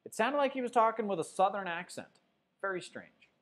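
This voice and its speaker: A man's voice: high-pitched, lively intonation, a little fast, fairly bright tone. A man hosting a casual sports livestream, reading viewer comments aloud and chatting loosely, with plenty of fillers. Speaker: sports show host. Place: Denver.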